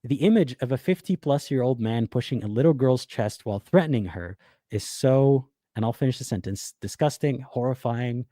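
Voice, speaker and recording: A man's voice: mid-range voice, expressive, normal speed, mellow, dry recording, clean studio sound. A man giving blunt, sarcastic reaction video commentary, swearing freely and restarting phrases as he thinks aloud. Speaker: YouTube commentator.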